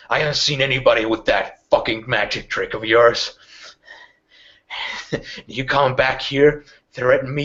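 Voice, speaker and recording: A man's voice: mid-range voice, a bit bright, lightly acted. A game master voicing a furious, foul-mouthed woman gang boss, swearing constantly and hurling accusations. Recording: dull lo-fi recording.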